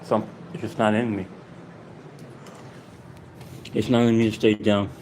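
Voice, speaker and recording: A man vlogging to his subscribers in a rambling, halting way, out of breath and repeating himself. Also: fairly low pitch, little pitch movement, noisy background. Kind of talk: casual heartfelt monologue to viewers.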